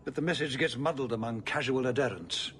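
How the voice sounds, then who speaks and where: An actor playing a weary, cautious older city ruler who speaks in a measured, formal way, in video game dialogue. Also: male voice, mid-range voice, a bit bright, natural voice. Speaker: city ruler addressing the hero.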